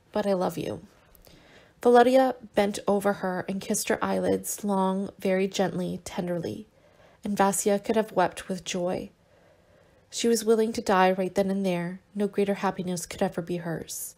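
A woman reading a novel aloud as an audiobook, in measured, unhurried phrases. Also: mid-range voice, a little mellow. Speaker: audiobook reader.

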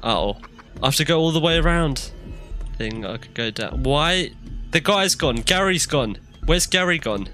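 A man's voice: on the high side, expressive, normal speed, bright, forceful tone, faint music behind. A young man giving jittery let's play commentary on a horror game, shrieking when scared. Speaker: gamer.

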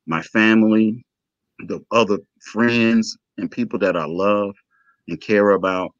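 This interview guest has a lowish voice and talks a little slowly, telling an emotional personal story with animation and acted-out dialogue. No echo; the sound is dull, lo-fi and dry.

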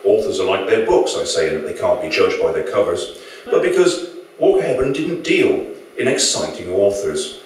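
Man reading his own novel live, wry lively delivery, big echoey room, mic far away. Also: sits low, moderate pace, slight background noise. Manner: dry, wry storytelling. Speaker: author.

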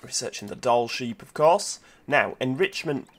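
A man giving casual, chatty commentary while playing a zoo-building game, thinking aloud with lots of fillers, over quiet background music. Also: mid-range voice, expressive, normal speed. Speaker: gameplay video host. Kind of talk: casual let's-play commentary.

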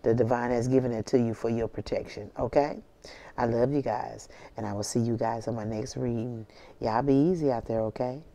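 A woman's voice: extremely low pitch, fairly even intonation, a little fast, mellow. A woman giving a casual tarot reading to camera, talking in slangy, joking street talk. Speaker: tarot reader.

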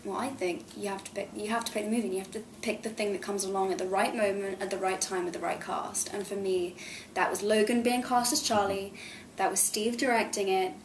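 A woman's voice: mid-range voice, steady tone, brisk, a little hiss or hum. A young woman in her twenties, an actress chatting animatedly in an interview, laughing often and filling her talk with "like". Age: 20s. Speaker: actress guest. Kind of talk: casual interview chat. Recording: roomy echo.

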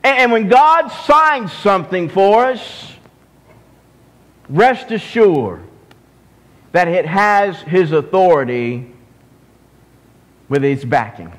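A man with a Southern US accent preaching a sermon as pastor, slow and deliberate, often restarting his phrases. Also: high-pitched, very animated, fairly bright tone. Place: church sanctuary. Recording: long hall reverb.

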